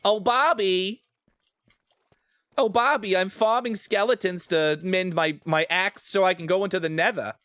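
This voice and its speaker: A man putting on an excitable cartoon sitcom mom with a Long Island accent, drawing out his lines in a sing-song way. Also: high-pitched, clear, resonant tone, dry recording, voice pushed up. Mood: gushing. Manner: sing-song, drawn-out calls of "Bobby".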